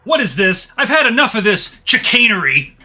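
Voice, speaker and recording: Guy doing a loud pushy lawyer, high and blustery, real bright voice. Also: sing-song, normal speed, faint music behind, heavily acted. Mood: blustering. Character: brash pushy male lawyer, bombastic.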